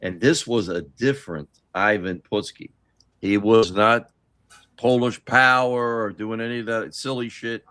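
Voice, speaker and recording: A man's voice: lowish voice, a little slow, fairly bright tone, dry recording. A man hosting a casual chat show, talking in a blunt, enthusiastic way. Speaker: podcast host.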